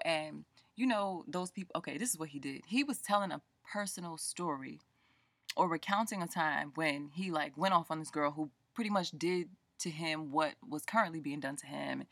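A woman speaking tells a story in a casual, animated rant, and she acts out the people in it. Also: lowish voice, no room sound. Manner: animated, colloquial, quoting people in voices. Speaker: book vlogger.

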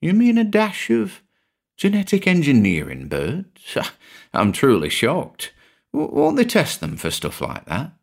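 A man's voice: medium pitch, sing-song, a little slow, voice pushed up. A man doing a chirpy old British pensioner. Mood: eager amused. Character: older man, lively, easily tempted pensioner.

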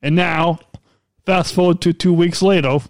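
A man's voice: a little high, fairly even intonation, moderate pace, dry recording. A man co-hosting a podcast in casual chat, playful and teasing, often cutting in. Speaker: podcast co-host. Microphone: studio mic.

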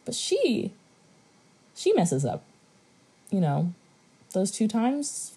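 A young woman with a slightly breathy voice chatting casually about a movie. Her pitch swings widely and expressively. She tosses in dry, sarcastic asides as she talks. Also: wildly swooping pitch, drawn-out words, dark tone, poor audio. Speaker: podcast co-host.

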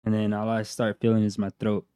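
A man's voice: fairly low pitch, completely flat delivery, fairly quick, warm tone, clean tone, dry recording. A man telling a funny story in casual chat, laid-back and swearing, laughing between lines.

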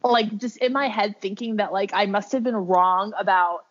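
A woman's voice: medium pitch, fairly even intonation, moderate pace. Chatty woman telling a personal story. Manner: chatty, heavy use of "like" and "um". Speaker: podcast guest sharing her birth story; birth worker with clients. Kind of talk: casual storytelling. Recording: dull lo-fi recording.

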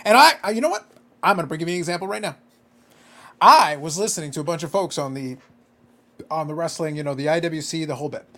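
A man's voice: on the high side, lively intonation, fast, pauses often, bright, forceful tone. A man co-hosting a casual podcast chat, ranting with profanity and disbelief. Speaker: podcast co-host.

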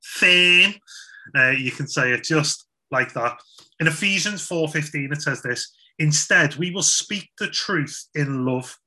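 Young man, bright voice, slightly high pitch, chatty youth sermon, informal with restarts. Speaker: youth speaker. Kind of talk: Christian talk to young people.

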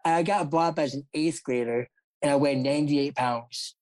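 Mellow-voiced man telling stories casually. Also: a little high, normal speed, no room sound, poor audio. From South Dakota, US. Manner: rambling, laughs often, acts out quoted voices. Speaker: guest, former horse jockey. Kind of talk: casual storytelling interview.

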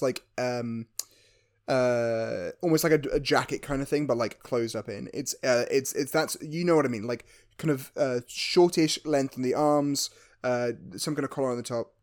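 A man in a relaxed podcast chat, patiently explaining plot points. He often stops to restart a sentence as he hunts for words. His voice has a plain, middle pitch. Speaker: podcast co-host. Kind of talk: casual film recap chat.

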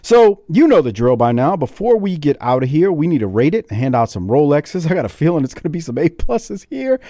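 A middle-aged man from the Deep South, speaking with a Southern US accent, chats casually as a podcast host. His delivery is animated, with wide pitch swings and laughs. The recording is dry and close. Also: brisk, dry recording. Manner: animated, laughing, repeats words. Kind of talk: casual wrestling review chat.

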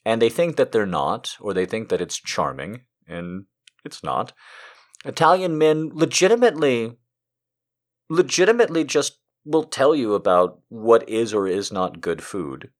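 Lively, low-voiced man ranting comically. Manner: profane, ranting storyteller; sarcastic asides to the listener. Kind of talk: comedic monologue.

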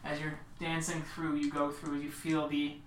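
A woman narrating a tabletop horror game as storyteller in a slow, descriptive way. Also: low voice, completely flat delivery. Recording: roomy, distant mic, faint noise.

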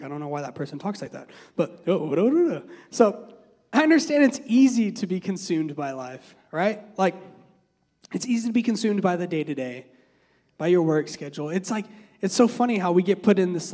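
A man's voice: high-pitched, warm tone, long reverb tail. A man giving a casual, conversational sermon, talking through a Bible passage with many fillers and restarts. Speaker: preacher.

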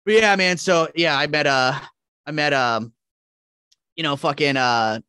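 A man telling animated, profanity-laced stories as a podcast guest in casual chat. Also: on the high side, a little slow, smooth, dry recording, clean studio sound. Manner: profane, animated, acts out quotes.

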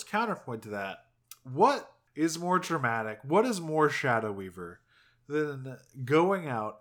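Male co-host, casual recap chat, excited and halting, mid-pitched. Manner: excited, halting, many fillers. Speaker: podcast co-host.

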